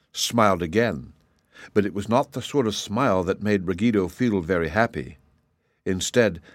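A man narrating a fairy tale audiobook in a measured, even storytelling manner. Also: on the low side, no room sound.

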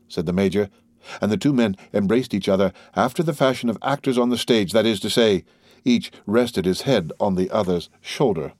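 A man narrating a classic novel in a steady, formal reading manner. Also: lowish voice, fairly quick, no room sound, clean studio sound. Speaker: audiobook narrator. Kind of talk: literary audiobook narration.

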